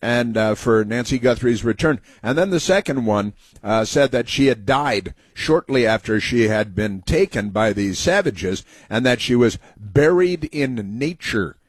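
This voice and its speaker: A man's voice: mid-range voice, animated, unhurried, slightly rough, dry recording. Guy doing a political talk rant, sarcastic and worked up, lots of uhs, dry close sound. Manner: sarcastic, indignant ranting with many "uh" fillers. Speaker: talk show host. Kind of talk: political commentary monologue.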